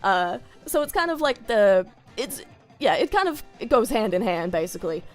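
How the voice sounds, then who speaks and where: Giggly Australian woman streamer, lively pitch. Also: normal speed, soft background music. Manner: giggly, chatty, rambling tangents. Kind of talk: casual stream chat.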